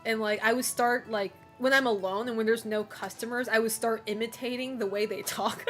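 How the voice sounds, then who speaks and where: A woman's voice: on the high side, fairly even intonation, normal speed, soft background music. Giggly, rambling woman streamer. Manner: rambling, giggly, lots of fillers. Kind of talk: casual chat with stream viewers.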